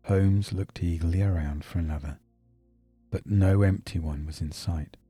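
A male narrator reading a classic story with a low, dark voice and a slightly husky texture. His storytelling is steady and measured. Faint music plays underneath. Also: no room sound. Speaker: audiobook narrator. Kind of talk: scripted narration.

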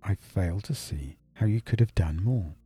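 A man's voice: deep voice, lively intonation, measured pace, warm tone, breathy edge, dry recording, faint music behind, heavily acted. A male reader voicing a loyal, earnest doctor companion in an audiobook, asking plain, earnest questions. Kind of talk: audiobook character reading.

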